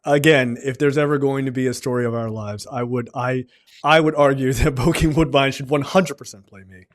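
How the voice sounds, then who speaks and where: A man co-hosting a casual film review chat, animated and joking, with frequent swearing. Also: mid-range voice, a little fast. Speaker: podcast co-host.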